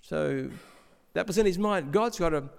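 Male preacher, fairly high voice, steady explaining sermon, some stammered restarts, big echoey church hall. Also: normal speed, creaky, smooth. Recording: long hall reverb.

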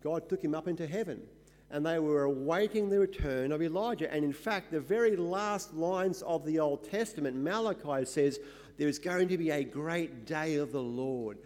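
A man with a fairly high voice teaches scripture verse by verse. He explains things emphatically and often stops to fill with "uh". His voice rings with the long reverb of a large hall. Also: darkish tone. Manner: explanatory, emphatic, with frequent "uh" fillers.

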